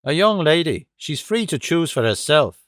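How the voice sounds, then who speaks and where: A man's voice: fairly high pitch, big pitch swings, moderate pace, a bit bright, no room sound, studio quality, voice pushed up. A man doing McMurdo, a cocky young tough. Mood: brash.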